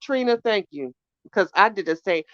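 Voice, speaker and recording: A woman's voice: medium pitch, lively intonation, moderate pace, fairly bright tone, no room sound. A woman hosting a podcast, chatting casually with her live chat and telling gossipy stories in a blunt, profane way. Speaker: podcast host. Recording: dull lo-fi dry sound.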